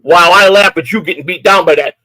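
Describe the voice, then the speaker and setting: A man's voice: high voice, quick pace, sharp tone, poor audio. An older man, host of a live stream, ranting angrily and issuing profane, repetitive threats. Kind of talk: angry live-stream rant.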